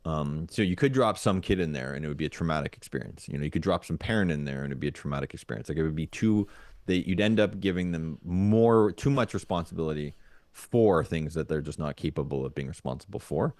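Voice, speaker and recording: Super low voiced guy on a podcast, dry mic, kinda musing out loud with lots of ums. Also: fast talker, dry recording. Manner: reflective, thinks aloud with many fillers and restarts. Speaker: podcast co-host. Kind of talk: casual podcast chat.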